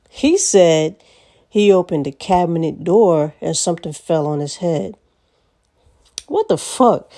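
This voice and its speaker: A woman's voice: on the low side, mellow. A woman vlogger telling stories in a casual monologue, blunt and profane, laughing often.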